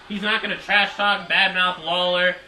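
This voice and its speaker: A man reviewing a wrestling show in casual recap style, excitable and rambling, repeating himself. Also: high voice, normal speed, reverberant, a little hiss or hum, rough recording.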